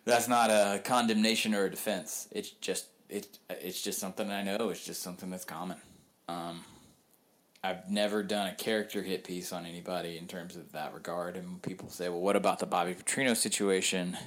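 A man with a very low voice talks through his reporting as a guest on a podcast. He speaks candidly and loosely, stopping and restarting often with plenty of ums, in an easy conversational way. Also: steady tone, a little fast, a bit bright. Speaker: sports reporter. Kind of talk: casual podcast interview.

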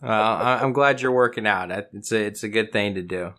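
A man's voice: on the low side, a little fast, pushed and bright. A man hosting a podcast in casual chat, laid-back with teasing banter. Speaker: podcast host.

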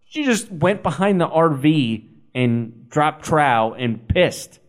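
A man co-hosts a casual sports podcast, spinning stories with dry humor. His voice sits a little high for a man. He rambles, leaning on fillers as he goes. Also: expressive, takes it slowly. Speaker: podcast co-host.

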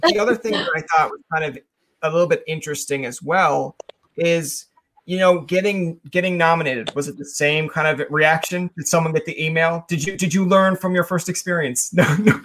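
A man's voice: moderate pace, fairly bright tone. Man hosting a chatty podcast interview. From Canada. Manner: acts out imagined dialogue with swooping pitch. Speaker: podcast host. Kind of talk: casual interview chat.

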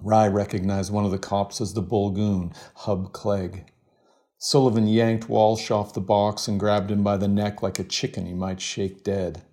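A man, a novelist, reading from his novel in a steady, measured voice and then chatting in an interview. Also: fairly low pitch. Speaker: novelist guest.

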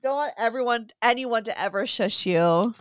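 A woman's voice: on the high side, normal speed, clear, resonant tone, dry recording, clean studio sound. A woman as a podcast guest in casual chat, answering in short supportive replies.

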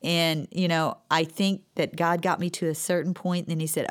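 A middle-aged woman speaks in a faith-based conversation, her voice sitting a little low. She tells her story earnestly, pausing and restarting as she goes. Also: steady tone, clear, resonant tone. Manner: earnest, halting, emotional storytelling. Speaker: co-host sharing grief experience.

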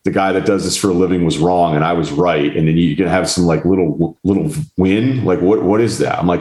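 A low-pitched man recounts a dinner story, slipping into the voices of the people he met along the way. His speech is casual and salty. The sound carries a roomy echo. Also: brisk. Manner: animated, mimics others in quotes, swears. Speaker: podcast host.

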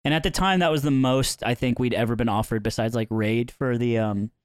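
A man's voice: medium pitch, brisk, clear, resonant tone, dry recording. A man co-hosting a podcast, telling stories in casual chat and laughing often. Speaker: podcast co-host.

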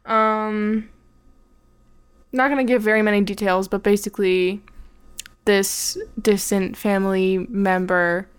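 A woman's voice: mid-range voice, level tone, slow pace, pauses often, clear, resonant tone. A young woman chatting casually on a podcast, telling a story in a frank, swearing, laughing manner. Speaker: podcast guest, host's fiancée.

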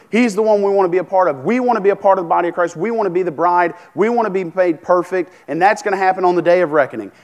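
A man preaching a sermon, talking casually, asking the congregation questions and restarting his sentences. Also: high-pitched. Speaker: pastor.

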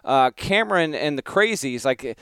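Smooth-voiced man explaining, many fillers. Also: a little high, expressive, moderate pace, a bit bright, dry recording, clean studio sound. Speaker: sports podcast co-host. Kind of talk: late-night casual sports chat.

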